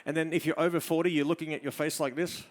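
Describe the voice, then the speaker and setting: Australian male presenter, fairly high voice, live photo demo, drops to soft murmurs when directing the model. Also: flat delivery, fast talker. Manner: coaxing a model with soft murmured praise between explanations. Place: studio demo before an audience.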